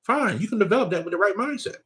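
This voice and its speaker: Man, bright forceful tone, casual spiritual talk, conversational. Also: high voice, lively intonation, quick pace. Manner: loose, conversational preaching with frequent laughs and "you know what I'm saying". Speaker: spiritual teacher.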